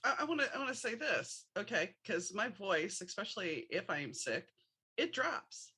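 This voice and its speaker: A woman's voice: mid-range voice, very animated, normal speed, sharp tone, breathy edge. A woman hosting a podcast, chatting frankly in a casual interview and drawing on her own stories. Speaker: podcast host.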